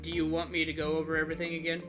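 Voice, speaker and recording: A man's voice: a little high, monotone, very fast, music in the background, lightly acted. A man voicing a worried, fatherly middle-aged taxi boss with a New York accent, talking business. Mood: earnest. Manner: pushy, talks business.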